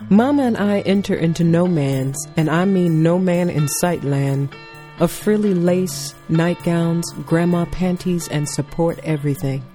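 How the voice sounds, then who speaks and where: A woman performing a wry spoken-word personal story in a deliberate delivery, with faint music behind. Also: lowish voice, dark tone.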